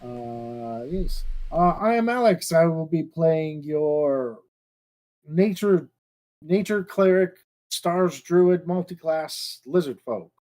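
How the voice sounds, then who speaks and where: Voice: medium pitch, lively intonation, slow, a little mellow, rough recording. A player in a tabletop game, talking hesitantly while thinking through a move. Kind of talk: casual tabletop game chat.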